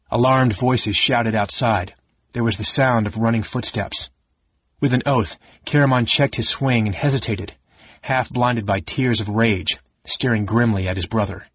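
A man reading an audiobook in a measured, dramatic narration. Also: medium pitch, breathy edge, dry recording, lo-fi sound.

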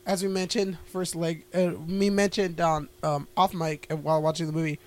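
A man's voice: on the high side, flat delivery, normal speed. A man co-hosting a podcast, chatting casually and rambling, swearing often and laughing a lot. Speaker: podcast co-host. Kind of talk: casual chat.

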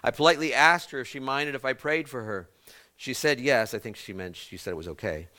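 A man's voice: medium pitch, fairly quick, pushed and bright. Man preaching a story-filled sermon. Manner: storytelling, stops and restarts words, asks the congregation questions. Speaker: pastor.

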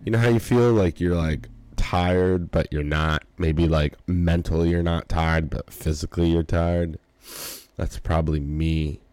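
Tired man rambling early morning, low voice. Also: steady tone, a little slow, darkish tone, clear, resonant tone. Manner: rambling, loose, swearing, many fillers. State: tired, yawning. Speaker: podcast host. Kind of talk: casual early-morning monologue.

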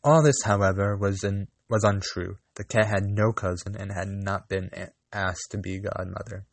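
A man reading a fairy tale aloud, slow and deliberate, with small restarts. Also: fairly low pitch, fairly even intonation, no room sound. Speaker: reader.

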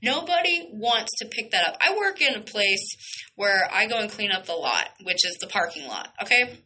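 A woman's voice: medium pitch, sing-song, normal speed, sharp tone, slight background noise, poor audio. A young woman hosting a radio show, ranting bluntly and heatedly, swearing and firing off rhetorical questions. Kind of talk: heated solo radio rant.

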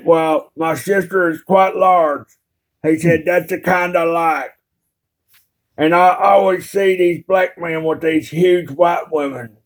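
A man putting on a stiff, prim older man who speaks in slow, stilted, proper phrases. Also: on the high side.

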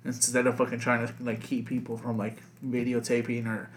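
A man's voice: mid-range voice, monotone, fairly quick, a little hiss or hum. A man co-hosting a casual podcast chat, rambling with lots of fillers and constant swearing. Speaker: podcast co-host.

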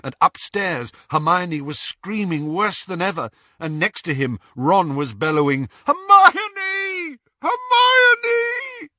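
A man reading a novel aloud as an audiobook narrator, with an expressive, dramatic delivery. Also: on the high side, unhurried, few pauses, no echo. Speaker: audiobook reader.

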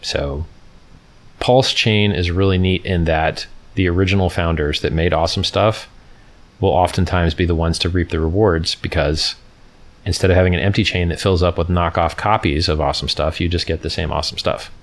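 Steady in tone and moderately paced, a low-pitched man runs a casual livestream. Between rambling, mocking remarks, he reads from the screen and talks to his chat.

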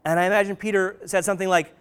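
A man's voice: sits high, little pitch movement, rapid-fire, smooth. A man preaching a casual sermon, retelling stories conversationally with many "um"s, "like"s and "right?"s. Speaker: pastor.

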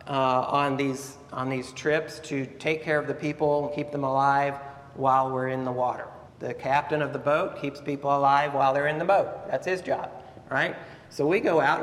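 A male pastor delivering a Sunday morning sermon, telling the story in an animated way and asking his listeners rhetorical questions. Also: fairly high pitch. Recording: echoey hall with faint ambience.

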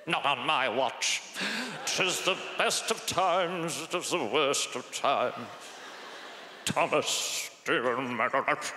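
Ein Mann spielt einen strengen alten britischen Schuldirektor. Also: male voice, mid-range voice, slow pace, pauses often, bright, forceful tone, a little hiss or hum. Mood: stern. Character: stern old Dickensian British headmaster. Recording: echoey theater hall.

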